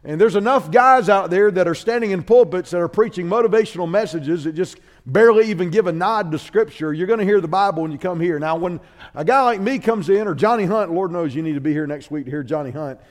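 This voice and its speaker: A man delivers a sermon in church. He speaks in a high voice and tells his stories with animated character voices, his pitch climbing as the tale builds. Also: fast talker. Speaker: guest preacher. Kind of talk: sermon with a comic story.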